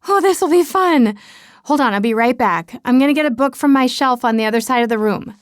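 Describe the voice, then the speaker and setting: A woman's voice: a little high, fast talker, slight background noise. Flustered, chatty woman narrating. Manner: chatty, self-mocking, flustered. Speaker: audiobook narrator. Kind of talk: first-person audiobook narration.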